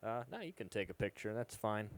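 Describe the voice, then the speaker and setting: A man's voice: lowish voice, sing-song, brisk, no echo. A young man doing stand-up comedy at an open mic, talking casually and hesitantly with frequent ums, on a bar stage into a handheld mic. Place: live music bar stage.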